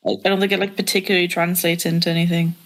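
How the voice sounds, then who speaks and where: A woman's voice: fairly low pitch, level tone, quick pace, slight background noise. A woman from Ireland with an Irish accent, chatting casually and explaining with lots of fillers. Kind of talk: casual chat.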